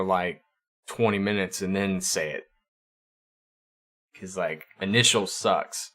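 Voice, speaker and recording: A man's voice: deep voice, a bit bright. A man hosting a livestream, chatting casually with viewers and often stumbling over and repeating his words. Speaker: livestream host.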